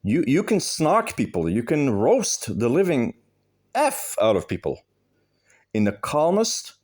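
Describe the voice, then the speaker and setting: A man's voice: medium pitch, huge pitch swings, measured pace, darkish tone. A man giving advice in a direct monologue, blunt and emphatic, swearing freely and repeating phrases for stress. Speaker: video host giving advice.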